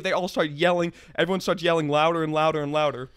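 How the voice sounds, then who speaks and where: A young man co-hosting a podcast, telling a story in a casual, animated and profane way. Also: fairly high pitch, rapid-fire, few pauses, clean tone, dry recording, studio quality. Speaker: podcast co-host.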